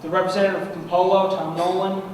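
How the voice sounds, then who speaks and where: High-voiced young man giving a heartfelt speech. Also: level tone, darkish tone. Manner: heartfelt, halting, emotional. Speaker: award recipient. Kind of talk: acceptance speech. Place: large banquet room at an annual meeting. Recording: echoey hall from far off, noisy.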